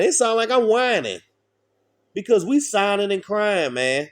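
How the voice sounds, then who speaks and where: A man's voice: high-pitched, big pitch swings, unhurried. Blunt, profane man preaching. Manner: blunt, profane, preachy with call-and-response questions. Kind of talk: informal street sermon.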